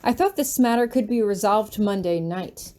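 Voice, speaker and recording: Stern, bitter male professor, read by a woman for an audiobook, cold and clipped, warm mellow timbre. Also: mid-range voice, measured pace, a little hiss or hum, lightly acted. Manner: cold and clipped, erupting into shouts.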